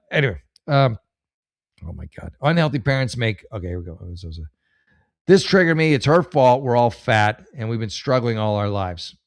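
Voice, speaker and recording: Male host, mid-pitched, blunt tough-love advice, sarcastic and rambling. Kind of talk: casual advice show, reading posts.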